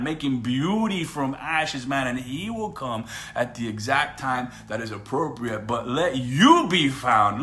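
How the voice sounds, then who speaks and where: Fervent man preaching casually, bright voice. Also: a little high. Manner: fervent, repetitive, peppered with "man" and "guys". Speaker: Christian preacher.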